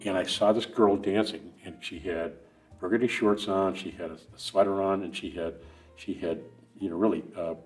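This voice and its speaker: A man's voice: low voice, steady tone, moderate pace, a little mellow, faint music behind. A middle-aged man, a guest on a running podcast, telling long rambling stories with many restarts and asides. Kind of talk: casual storytelling interview.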